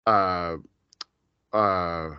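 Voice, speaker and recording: A man's voice: low voice, steady tone, drawn-out words, smooth, no room sound, muffled recording. A man co-hosting a podcast, speaking in a hesitant casual way that often trails off. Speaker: podcast co-host. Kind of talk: casual chat.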